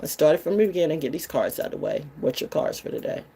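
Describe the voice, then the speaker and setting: Low-voiced woman ranting like a preacher, cussing and calling people out. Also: big pitch swings, rapid-fire, mellow, breathy edge. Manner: fiery, profane and confrontational; preachy, with rhetorical questions. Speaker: spiritual vlogger. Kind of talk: ranting sermon-style monologue.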